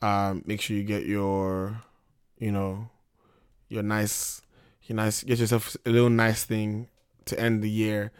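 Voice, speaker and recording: A young man hosts a casual podcast, teasing and loud, his voice wearing thin and hoarse. The sound is dry and close, with no room around it. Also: lowish voice, slow pace, dry recording. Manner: teasing, loud and excitable, slips into Nigerian pidgin. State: losing his voice. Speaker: podcast host.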